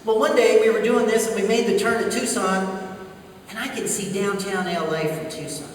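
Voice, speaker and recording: A man's voice: high-pitched, normal speed, a little hiss or hum. A man giving a humorous storytelling speech at a conference, acting out radio voices as he goes. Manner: animated anecdotal delivery, acts out radio voices. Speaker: keynote speaker. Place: large conference hall. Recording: echoey hall, speaker far from mic.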